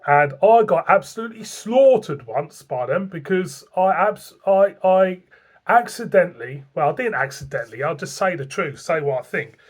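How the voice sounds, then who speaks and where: A man's voice: high-pitched, lively intonation, normal speed. Blunt sweary Northern English man. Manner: blunt, sweary, rambling with restarts. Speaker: beer reviewer. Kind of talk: casual beer review vlog.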